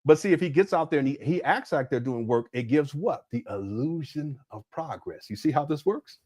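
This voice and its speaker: Middle-aged male livestream host, lively swings in pitch, slightly high voice, emphatic and chatty, laughs often. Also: normal speed. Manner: animated, laughing, emphatic, conversational with chat. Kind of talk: casual livestream commentary.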